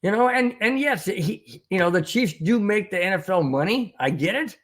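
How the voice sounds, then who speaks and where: A man's voice: sits high, lively intonation, moderate pace. A man hosting a sports podcast, reading viewer comments and ranting sarcastically about the referees. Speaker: podcast host. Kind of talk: casual sports talk, reading chat comments.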